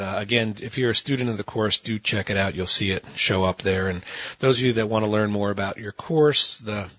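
A man's voice: on the low side, a bit bright, husky, no echo. A man chef answering as an expert guest in a casual podcast, talking in a rambling, enthusiastic way with many fillers, on slightly dull lo-fi audio.

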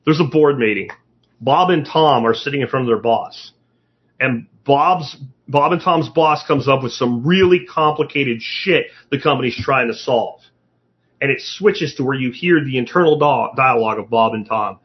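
A man's voice: medium pitch, moderate pace. Blunt, profane man ranting. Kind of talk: casual monologue. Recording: dull lo-fi sound.

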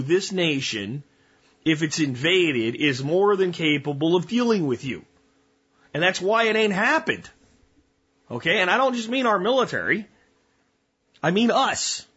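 A man's voice: high-pitched, fairly bright tone, husky, dull audio. A man hosting a podcast, delivering a blunt, profane and combative ranting monologue. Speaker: podcast host.

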